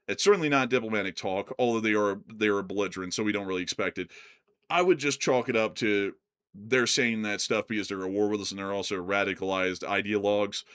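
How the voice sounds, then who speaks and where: A man's voice: on the low side, fairly bright tone. A man co-hosting a live stream, answering viewer questions in a casual, conversational way with frequent fillers and restarts. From United States.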